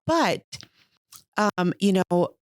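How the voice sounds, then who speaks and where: A woman's voice: mid-range voice, lively intonation, drawn-out words, dry recording, clean studio sound. A woman in her thirties from Canada, a mother co-hosting a podcast, talking candidly with a wry humour and frequent laughter. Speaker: podcast co-host. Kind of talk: casual chat.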